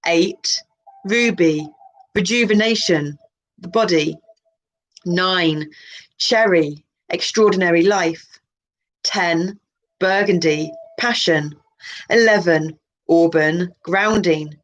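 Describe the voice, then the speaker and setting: A woman's voice: fairly low pitch, takes it slowly, long pauses, low-quality recording. A woman reading a colour card list aloud as a channel host, drifting into musing, self-interrupting asides.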